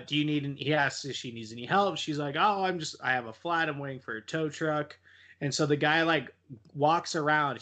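A man's voice: on the high side, pushed and bright. A young man on a casual podcast, retelling a horror film in a rambling, profane way and laughing often. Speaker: podcast co-host.

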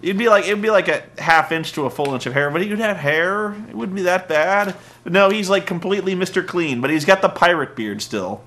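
Sarcastic, bright-voiced man ranting. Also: high-pitched, a little fast. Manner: sarcastic, ranting, mocks wrestlers with silly voices. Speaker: wrestling recap host. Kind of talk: casual comedic recap.

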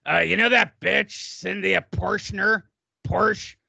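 A man's voice: high voice, fairly even intonation, slow pace, gravelly, bright, forceful tone, no echo, heavily acted. A man doing a comic impression of a crude old male boxing promoter with a put-on New York accent, rambling and self-mocking. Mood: mock-formal. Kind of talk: comic impression on a sports radio show.

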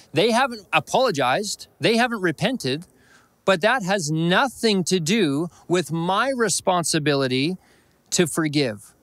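A man's voice: high voice, lively intonation, a little slow, fairly bright tone, no room sound. Earnest Canadian male pastor preaching. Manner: earnest storytelling with repeated phrases. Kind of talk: sermon. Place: church.

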